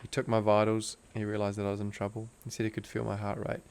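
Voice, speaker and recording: Speaking fast in a lowish, monotone voice with a darkish tone, a young Australian man appears as a guest on a podcast. He tells a personal story earnestly and intensely, leaning heavily on "like" as a filler, in a casual storytelling interview.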